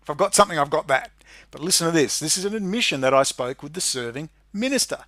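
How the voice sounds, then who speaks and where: Ranting Australian man, high-pitched and close. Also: expressive, fast, bright, forceful tone, no echo. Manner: emphatic, profane, ranting. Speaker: video commentator. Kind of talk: ranting monologue.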